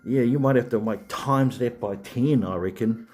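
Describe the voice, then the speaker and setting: A man's voice: medium pitch, moderate pace, a little mellow. A man, hosting a live stream and rambling chattily to viewers with many fillers and restarts. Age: 40s.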